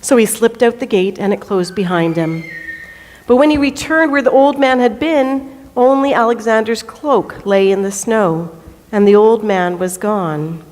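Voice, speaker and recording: A woman's voice: a little high, a little mellow, a little hiss or hum. Woman reading a story in a church. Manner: slow, deliberate storytelling. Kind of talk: reading a children's story aloud. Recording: echoey church hall.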